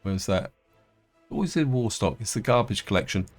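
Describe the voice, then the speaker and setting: A man's voice: on the low side, expressive, normal speed, soft background music. A middle-aged man casually commenting on his gameplay, thinking aloud with hesitant restarts and fillers. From England. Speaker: game let's-player.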